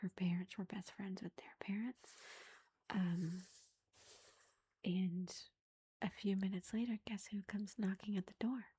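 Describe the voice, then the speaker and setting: Breathy whispering woman, ASMR book review. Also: mid-range voice, steady tone, a little slow, pauses often, mellow. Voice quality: unvoiced whisper. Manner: rambling retelling full of "like" and "you know".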